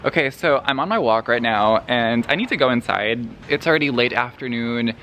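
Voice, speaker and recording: A man talks casually to his camera about a book, in a bright, forward voice. He swears freely and breaks into laughter often. A faint hum of surroundings sits under him. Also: medium pitch, lively intonation, normal speed. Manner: profane, gushing and laughing often. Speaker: book vlogger. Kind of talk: casual spoiler vlog talk.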